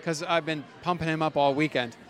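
A man's voice: on the high side, steady tone, fairly quick. A man hosting a podcast at an expo, chatting and joking loosely with guests and often restarting his sentences. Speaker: podcast host interviewing at an expo. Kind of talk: casual interview chat.

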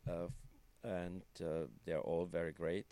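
Low-voiced man with a German accent. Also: level tone, measured pace, warm tone. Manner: hesitant, many fillers and restarts. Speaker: podcast guest. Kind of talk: casual chat.

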